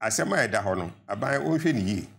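A man's voice: on the low side, lively intonation, moderate pace, creaky, fairly bright tone. An older man with a Ghanaian accent, a pensioner guest in a studio panel debate, arguing earnestly and rising to emphatic appeals.

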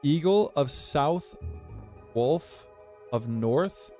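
A man's voice: a little high, animated, extremely slow, warm tone, faint music behind. An American man giving live gameplay commentary as a streamer, chatty and reactive, talking to his viewers and yelping when startled. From United States.

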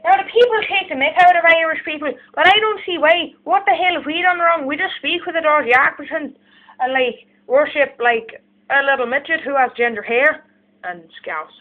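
A woman's voice: high-pitched, takes it slowly, hardly any pauses. A woman putting on an Irish accent as an indignant, rambling ranter hurling insults. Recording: lo-fi phone-like sound.

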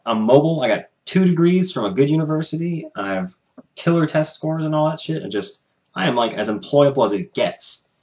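A young man records a casual vlog at home, ranting in frustration and swearing freely. His voice sits a little low, and it comes through a plain camera mic. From United States. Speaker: vlogger.

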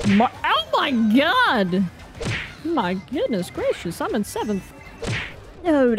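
A woman giving casual live gameplay commentary, excitable and self-mocking, with slang and mild swearing. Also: on the high side. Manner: excitable, groans and cheers at every turn. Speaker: gaming video creator.

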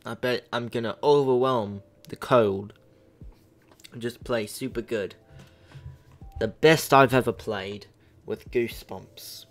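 A man giving goofy, casual livestream commentary with gamer slang. He talks slowly at a mid pitch, with faint game music underneath. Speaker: gaming streamer.

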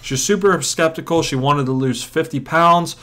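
A chiropractor teaching a workshop method, telling patient stories and acting out what patients and audience members say. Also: male voice, fairly high pitch, normal speed, sharp tone. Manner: storytelling, acts out patients and audience. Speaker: chiropractor and coach. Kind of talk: teaching a seminar.

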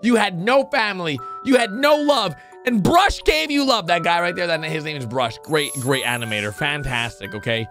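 A man hosting a reaction video, commenting excitedly with sudden high yelps and constant exclamations. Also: normal speed, few pauses, soft background music.

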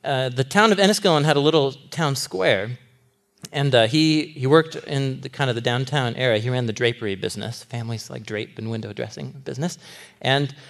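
A man in his thirties preaching a sermon to a live audience, animated, laughing often and acting out characters' lines. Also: mid-range voice, fairly quick, vocal fry. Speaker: pastor.

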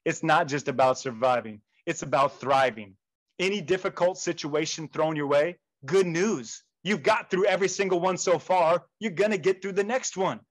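Motivational speaker, male, fairly high voice, lively storyteller who acts out the people in his stories. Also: moderate pace, rough recording. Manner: animated storytelling with quoted voices. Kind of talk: motivational keynote talk.

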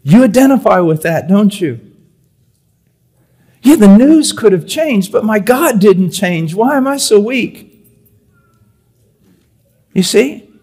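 A man preaching a sermon at a conference, reading aloud with emphasis, then dropping to quiet, confiding tones and repeating words to drive a point home. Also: sits high, animated, slow pace, pauses often, slightly rough. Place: church or conference hall.

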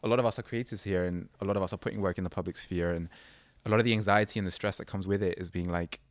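A man with a very low voice hosts an interview. He asks long, earnest, winding questions at a quick clip. The recording is dry and close. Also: fairly even intonation, dry recording. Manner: earnest, long rambling questions, frequent "mm" and "yeah" backchannels. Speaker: host, interviewer. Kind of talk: casual conversational interview.

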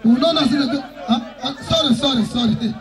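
A man with a Nigerian accent emceeing a wedding live, joking and telling stories with bursts of shouting. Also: very high voice, a little fast, low-quality recording. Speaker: wedding master of ceremonies. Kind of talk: live event emceeing to a crowd. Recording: loud wedding crowd behind.

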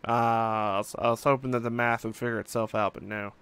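A man's voice: medium pitch, flat delivery, brisk, a bit bright, smooth. A young man casually commenting on his own gameplay, musing and thinking aloud with frequent fillers. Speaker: let's play host.

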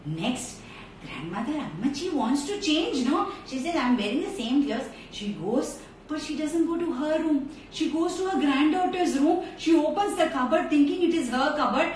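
A woman telling a story to children in an animated, direct way, streamed live from a phone. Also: sits high, normal speed. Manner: animated, talks straight to children. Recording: echoey room, far from mic, faint noise.

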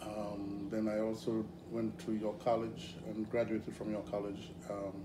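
A middle-aged man from Grenada with a Grenadian accent, guesting in a casual interview, telling stories in an animated way with frequent laughs. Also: on the low side, a little slow. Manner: animated, hesitant with fillers, laughs often. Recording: echoey room with background noise.

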